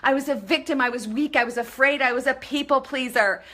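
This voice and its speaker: A middle-aged woman talks on a live stream, gushing over her viewers and greeting each one by name. Her voice is bright and forceful and sits a little high, and she swears casually as she talks. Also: brisk.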